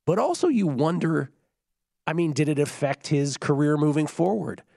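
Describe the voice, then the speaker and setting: A man co-hosting a casual sports chat, voice hoarse and giving out, talking in a conversational way and explaining background. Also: on the high side, animated, normal speed, dark tone, no room sound, clean studio sound. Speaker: podcast co-host.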